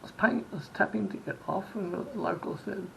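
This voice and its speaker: A man's voice: high voice, a little fast, gravelly, pushed and bright, a little hiss or hum, low-quality recording. A man from Sydney telling a rambling travel story in a casual vlog, full of restarts and quoted exchanges. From Australia. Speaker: vlogger.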